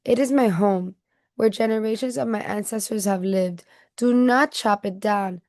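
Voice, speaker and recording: A woman voicing a huge male boa constrictor in a storybook, speaking softly as he begs a man not to harm his home. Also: mid-range voice, normal speed, no echo, clean studio sound, lightly acted. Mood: pleading.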